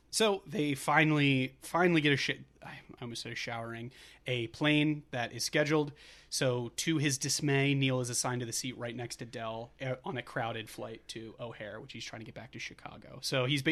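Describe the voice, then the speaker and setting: A man's voice: medium pitch, moderate pace, fairly bright tone. A man co-hosting a movie podcast, recapping a film in a casual, rambling way, correcting himself and laughing often. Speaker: podcast co-host.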